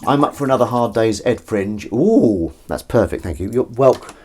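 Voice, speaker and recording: Expressive and a little mellow, this man's mid-range voice moves at a moderate pace, with a little hiss or hum present. He runs a comedy livestream from his kitchen sink, doing the washing-up while he chats casually, reads viewer comments, and rambles self-mockingly. Clinking dishes and running water sound behind him.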